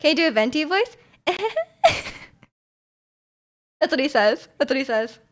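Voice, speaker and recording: A woman's voice: sits high, lively intonation, quick pace. A young woman streamer chatting casually with her viewers, giggling and rambling as she answers their chat messages. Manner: giggly, rambling, trails off into mumbles.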